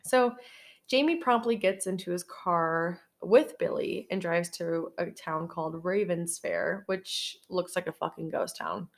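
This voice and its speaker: A woman's voice: lowish voice, measured pace. A young woman co-hosting a podcast, recapping a horror film in casual chat, giggly and rambling with some swearing. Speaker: podcast co-host.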